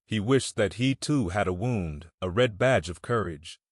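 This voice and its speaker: A man reading a classic novel aloud as an audiobook narrator, in a measured, steady way. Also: on the low side, no echo, clean studio sound.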